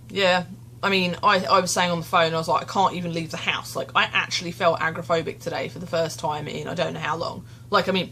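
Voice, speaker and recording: A young woman speaks candidly into her phone camera in a confessional vlog, tearful and shaken, rambling and putting herself down. Her voice is lowish and a bit bright, with slight background noise.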